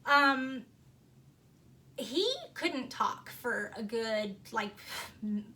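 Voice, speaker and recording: Bright-voiced woman telling a rambling story. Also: on the high side, drawn-out words, a little hiss or hum. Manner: animated, rambling, peppered with "like". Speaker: vlogger telling a personal ghost story. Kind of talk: casual spoken storytelling.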